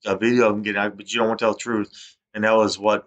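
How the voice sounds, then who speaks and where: A man's voice: lowish voice, little pitch movement, very fast. A man, talking to camera in a rambling, accusatory monologue that keeps repeating itself. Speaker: vlogger.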